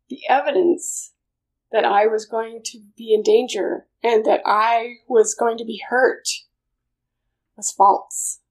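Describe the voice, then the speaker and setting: A middle-aged woman telling a personal story in an emotional, storytelling manner. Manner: emotional storytelling, swings into loud high outbursts. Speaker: speaker sharing a personal story. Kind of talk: personal testimony talk.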